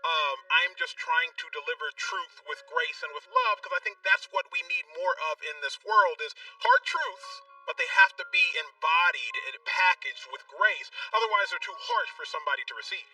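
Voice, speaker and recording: A man speaking as a guest author on a radio show, measured and earnest. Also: on the high side, big pitch swings, pushed and bright, smooth, far from the mic, poor audio. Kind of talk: radio interview.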